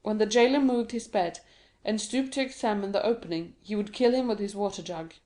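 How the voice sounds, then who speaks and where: A woman narrates a classic novel as an audiobook in a steady, even read. Her pitch sits at a middle level. Her tone is dark and mellow. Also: fairly quick. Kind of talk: scripted narration.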